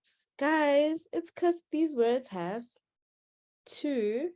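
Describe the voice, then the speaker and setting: A woman's voice: high-pitched, expressive, drawn-out words, a little mellow. A woman teaching maths in a live online class, playful and teasing with her students. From South Africa.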